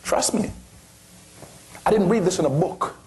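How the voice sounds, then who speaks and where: A man's voice: sits high, animated, unhurried, a little mellow, slight background noise. A man giving an impassioned motivational speech to an audience, pressing his points with rhetorical questions and sweeping rises and falls in his voice. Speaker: motivational speaker.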